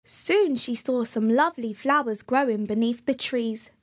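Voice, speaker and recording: A woman reading a children's fairy tale aloud as storyteller, gentle and clear. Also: a little high, unhurried.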